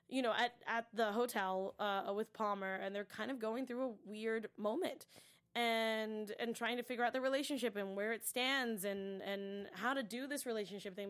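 Woman host, higher pitch, casual animated recap chat with whispered asides. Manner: animated and chatty, acting out characters' lines and dropping to whispers for asides. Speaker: TV after-show host.

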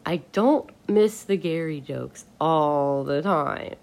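A woman's voice: deep voice, a little slow, creaky, a little mellow. A woman hosting a casual solo podcast, ranting bluntly and with exasperation, swearing casually. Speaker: podcast host.

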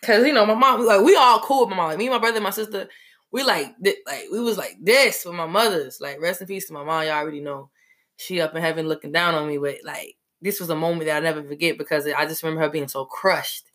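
A woman telling a personal story in a casual, animated way, full of fillers. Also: sits low, fast talker.

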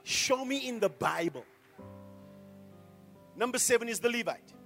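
A middle-aged man preaching a sermon as a pastor, firing off rhetorical questions and swinging from hushed to loud. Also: very high voice, expressive, unhurried, gravelly, faint music behind.

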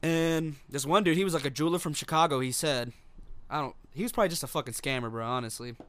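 A man's voice: a little high, fast, fairly bright tone. A man co-hosting a casual podcast, laid-back and profane, laughing often. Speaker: podcast co-host. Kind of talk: casual chat.

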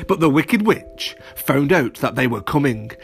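A man narrating a children's story, animated and playful, speaking straight to young listeners. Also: medium pitch, unhurried, vocal fry.

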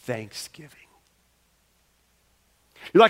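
Male pastor, higher-pitched voice, emphatic sermon delivery, acts out prayers in church. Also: normal speed, a bit bright.

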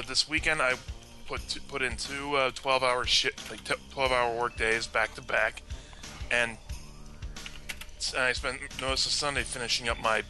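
Bright-voiced male co-host, rambling. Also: medium pitch. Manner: rambling, self-correcting. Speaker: podcast co-host. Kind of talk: casual comedic podcast banter.

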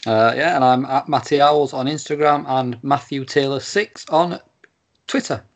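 A man's voice: mid-range voice, moderate pace. A man co-hosting a casual podcast, laid-back and giggly. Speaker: podcast co-host. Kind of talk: casual chat.

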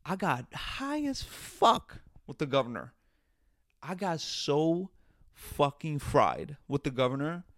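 A man mockingly doing an impression of a smug woman politician who brags about getting high. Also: very animated, slow, no echo, clean studio sound, heavily acted.

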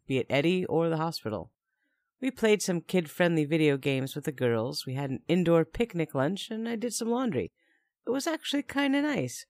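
A woman's voice: low-pitched, darkish tone, no room sound, clean studio sound. A young woman narrating a first-person story in a chatty tone with wry asides.

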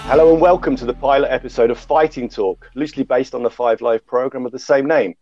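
A man's voice: medium pitch, fast talker, darkish tone, lo-fi sound, soft background music. A man hosting a casual panel chat, self-deprecating, with many fillers and restarts. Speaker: podcast host.

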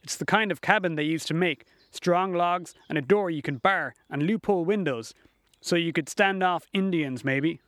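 A man narrating a first-person story in a folksy, unhurried storytelling manner. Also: a little high, fairly bright tone, no echo, clean studio sound.

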